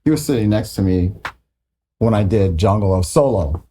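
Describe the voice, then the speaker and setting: Mellow-voiced man in his sixties swapping stories. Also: fairly low pitch, normal speed, breathy edge. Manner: profane, animated, acts out others' voices. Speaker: guitarist guest. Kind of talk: casual interview storytelling.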